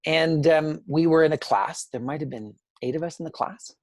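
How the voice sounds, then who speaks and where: Canadian guy chatting in an interview, bit husky, dry close sound, acts out the quotes. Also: fairly high pitch, moderate pace, dry recording. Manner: animated, acts out quoted dialogue. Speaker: interview guest. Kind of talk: conversational storytelling.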